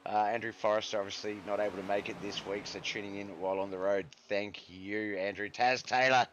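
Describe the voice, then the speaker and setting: Speaking fairly quickly in a voice on the low side, this stream host and race commentator keeps his intonation fairly even and his tone a bit bright. He talks casually about a racing league and answers chat, addressing viewers as "brother." There's a little background noise.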